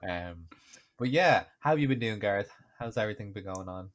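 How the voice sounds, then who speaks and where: Guy cohosting a podcast, lowish voice, chatty and teasing. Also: expressive, brisk. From Ireland. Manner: chatty, joking, sarcastic. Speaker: podcast co-host. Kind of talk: casual chat.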